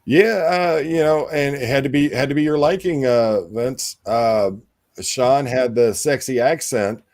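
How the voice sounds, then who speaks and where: A man's voice: medium pitch, measured pace, a little mellow, dry recording. A man hosting a casual talk show, rambling with many fillers and restarts. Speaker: podcast host. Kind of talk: casual chat.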